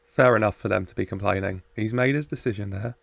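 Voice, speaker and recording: A man's voice: on the low side, quick pace, vocal fry, slight background noise. A man hosting a reaction video, chatting casually, laughing often and talking back to the screen.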